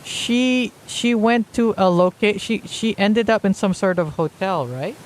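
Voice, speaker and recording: A man's voice: high-pitched, unhurried, slight background noise. A man giving casual live-stream commentary on a game, rambling with many fillers and restarts, sometimes reading on-screen text aloud.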